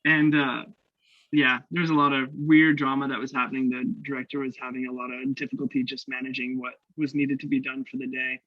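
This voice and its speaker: A young man from Canada, a guest actor telling stories in a casual interview, animated and laughing, acting out the voices he quotes. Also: medium pitch, a little fast, no echo. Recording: dull lo-fi dry sound.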